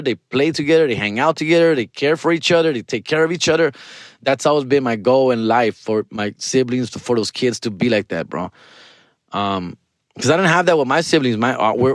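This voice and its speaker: A man in his forties, a podcast host with a Californian accent, telling a self-mocking story in an animated, slangy way. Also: medium pitch, dry recording. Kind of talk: casual comedic monologue.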